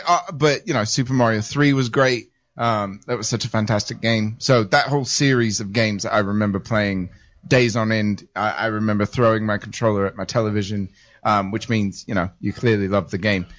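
A man's voice: lowish voice, steady tone, moderate pace, a bit bright. A man co-hosting a casual podcast, rambling and playful, correcting himself as he goes. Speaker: podcast co-host.

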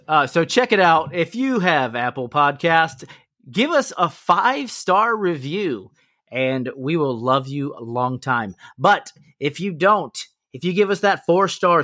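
A man's voice: on the high side, expressive, unhurried, sharp tone. A man co-hosting a casual woodworking podcast, reading sponsor and review plugs in an easygoing, jokey way. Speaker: podcast co-host. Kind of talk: casual podcast outro chat.

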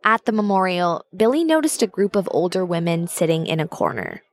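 A woman narrating a documentary in an even, clear way. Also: lowish voice, brisk.

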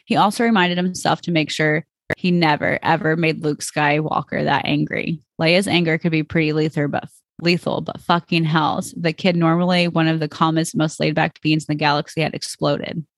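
A woman host reads fan fiction aloud in a plain storytelling voice, stumbling now and then. Her voice has a gravelly fry, and the recording is dry with no room sound. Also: low-pitched, fairly even intonation, moderate pace, no echo. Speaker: podcast host.

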